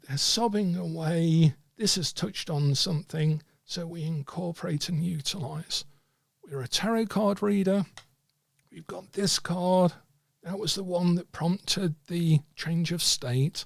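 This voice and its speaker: A man teaching tarot reading, speaking in a measured, explanatory way. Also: high-pitched, vocal fry, no room sound. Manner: measured, explanatory, acts out client dialogue. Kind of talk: teaching talk with acted examples.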